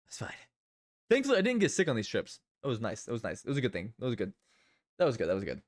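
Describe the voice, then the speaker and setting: A man's voice: medium pitch, huge pitch swings, quick pace. A man streaming live, chatting casually and rambling, often repeating his own phrases.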